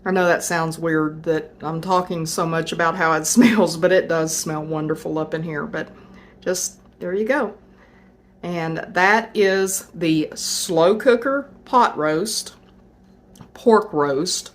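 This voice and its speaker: A woman's voice: on the low side, takes it slowly. A woman hosting a home cooking video, talking in a chatty, folksy way as she shows a dish. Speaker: home cooking channel host. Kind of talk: casual cooking demonstration.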